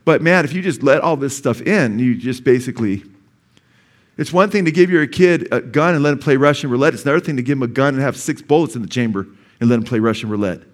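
A man's voice: mid-range voice, fast talker. A middle-aged male pastor preaching a sermon in a church, talking conversationally and asking the congregation questions.

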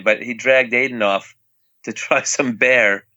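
A middle-aged man tells a story in a bright, forward voice, laughing as he goes and acting out what others said. The sound is close and dry, slightly dull at the top. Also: medium pitch, fairly even intonation, unhurried, no echo. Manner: laughs often while telling, acts out others' lines. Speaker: father telling a trip story. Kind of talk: casual storytelling.

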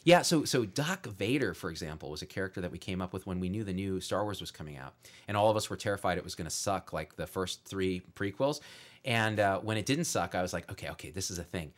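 A man being interviewed as a guest, telling funny stories in an animated, jokey way and laughing along. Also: deep voice, fairly quick. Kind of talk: comedic storytelling in an interview.

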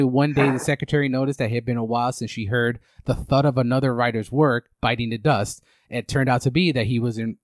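Male podcast host, casual and rambling, mid-pitched, dry studio sound. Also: no echo. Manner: rambling, lots of fillers and restarts. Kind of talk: casual chat and movie recap.

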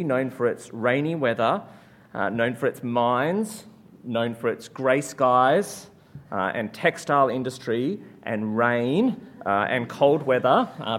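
A man from Australia, a guest preacher giving a sermon in a conversational storytelling way, full of "uh" fillers, after opening with a hushed, slow prayer. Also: a little high.

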